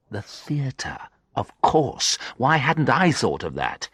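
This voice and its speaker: A man narrating a graded story in the first person, reading in an expressive storytelling manner. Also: mid-range voice, slow, slightly rough, dry recording, studio quality. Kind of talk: scripted narration of a graded reader.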